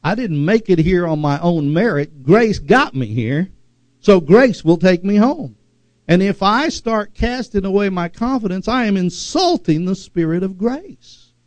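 A man preaching a sermon, with dramatic pauses and drawn-out words for emphasis. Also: high-pitched, sing-song, darkish tone, no room sound, low-quality recording. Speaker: pastor.

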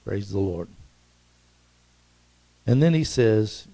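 Gravelly-voiced man preaching a sermon. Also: measured pace, no echo, low-quality recording. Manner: rises to emphatic peaks, then drops soft and low; preaching with congregational call-outs. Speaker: pastor.

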